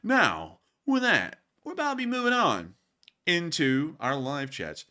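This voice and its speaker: Man, livestream host, bright and animated, jokey. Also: fairly high pitch, unhurried. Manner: laughs often, jokey and rambling. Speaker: news stream host. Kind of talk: casual livestream chat.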